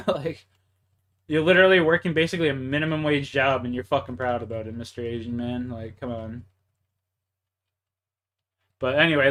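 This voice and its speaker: A man's voice: mid-range voice, steady tone, moderate pace, long pauses, a bit bright. A young man with a Canadian accent, venting in a heated, profanity-heavy rant to his livestream chat while gaming. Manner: profane, heated, frustrated ranting.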